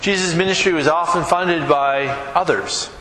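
A middle-aged male pastor with a high, bright voice preaches in a casual, conversational way and keeps putting questions to his listeners. His voice rings through a church sanctuary with a long, echoing reverb. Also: moderate pace, a little hiss or hum. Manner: conversational, asks the congregation questions. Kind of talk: sermon. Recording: echoey hall with long reverb.

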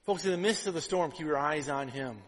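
A pastor delivering a conversational sermon, full of "right?" asides, swinging between loud and hushed. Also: male voice, on the high side, brisk, big-room sound, low-quality recording.

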